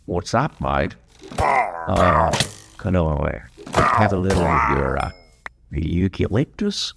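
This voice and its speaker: A man's voice: sits low, very animated, takes it slowly, gravelly, heavy background noise, pitched below the performer's own voice, exaggerated voice. Cheeky Australian koala, easygoing and cadging, put on by a man. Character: laid-back male Australian koala cadging eucalyptus.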